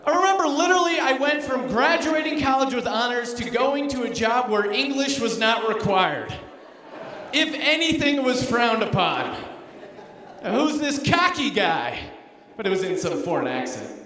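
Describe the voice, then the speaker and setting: Stand-up comic, man, high voice, sarcastic and self-mocking, heard from far off in a long echoey hall. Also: animated, moderate pace, pushed and bright. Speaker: stand-up comedian. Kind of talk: stand-up comedy set. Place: theater stage before a live audience.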